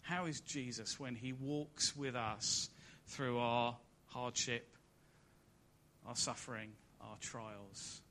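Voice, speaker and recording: A man's voice: mid-range voice, fairly even intonation, slow pace, bright, forceful tone, a little hiss or hum. A man preaching a sermon, reading scripture aloud and building each point with rising and falling emphasis. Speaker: pastor.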